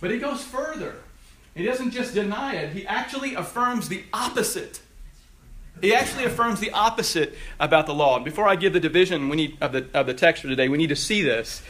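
A man's voice: high voice, lively intonation, brisk, a bit bright. A man preaching a sermon, teaching through a text with emphatic rises on the verses he quotes. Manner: emphatic, rising on quoted scripture. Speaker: pastor.

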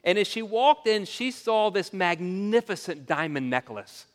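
A man preaching a sermon as pastor, telling stories in an earnest, animated way and often restarting his sentences. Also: high voice, a little slow. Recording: long reverb of a large hall.

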